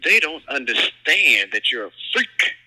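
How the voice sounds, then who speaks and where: A man's voice: mid-range voice, very animated, a little slow, pushed and bright, slightly rough, poor audio. A man co-hosting a podcast, joking around in casual chat with frequent stammered restarts. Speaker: podcast co-host.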